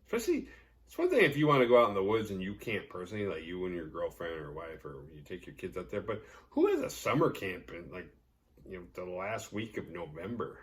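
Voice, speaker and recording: A man's voice: low voice, big pitch swings, a little fast. A man hosting a horror movie podcast, recapping a film in a rambling, sarcastic, profane way. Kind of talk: casual movie recap with jokes.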